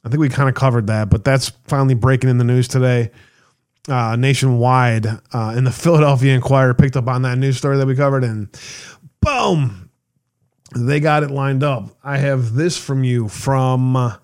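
A man's voice: mid-range voice, fairly even intonation, fairly quick, a little mellow, clean tone. A man hosting an online talk show, reading out news stories with sarcastic asides, laughing and swearing casually. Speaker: show host.

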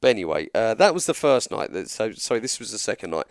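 With a fairly low voice and a fast delivery, this English guest storyteller works through a long anecdote in casual talk. He's animated, voicing the people in the story through quoted dialogue, and the studio recording is clean with no echo.

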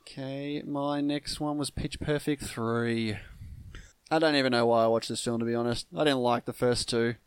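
A blunt man in his thirties, chatting casually about films on a podcast, rambling through restarts and dropping the odd swear. His voice sits at an ordinary middle pitch, recorded close and dry with no room sound. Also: steady tone, normal speed, clear, resonant tone, dry recording. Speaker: podcast co-host. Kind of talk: casual film review chat.

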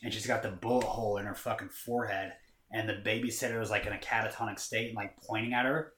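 A man's voice: fairly low pitch, steady tone, fast talker, a bit bright, roomy sound, slight background noise. A man casually chatting about movies, retelling scenes in a rambling way with lots of fillers and swearing.

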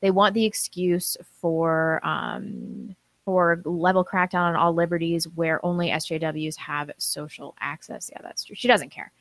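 A woman's voice: fairly low pitch, steady tone, a little slow, dry recording. A woman co-hosting a live-stream talk show, reading viewer comments aloud and chatting casually. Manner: reads superchats aloud, chatty with fillers.

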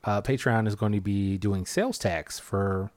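A man's voice: fairly low pitch, normal speed, no room sound. Joking male podcast host, dry sound. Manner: relaxed, joking, runs the show segments. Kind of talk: casual podcast chat.

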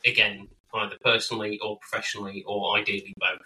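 Male podcast co-host, very bright and forceful tone, playful jokester, sits back a bit from the mic. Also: on the low side, level tone, quick pace, distant mic, poor audio. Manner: jokey, playful, puts on silly voices. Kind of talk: casual banter.

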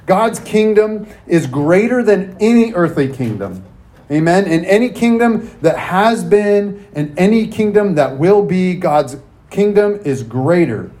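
A man preaching a casual, halting sermon as a pastor and reading scripture aloud. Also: high-pitched, animated, dark tone.

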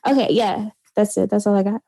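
A woman's voice: medium pitch, fairly even intonation, a little fast, mellow, no echo. A woman co-hosting a casual movie chat podcast, laughing often as she talks. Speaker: podcast co-host.

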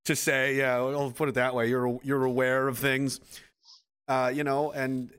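A man's voice: mid-range voice, unhurried, clean tone. A man hosting a casual podcast chat, rambling and swearing as he tells stories. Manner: rambling, profane, animated storytelling with acted quotes.

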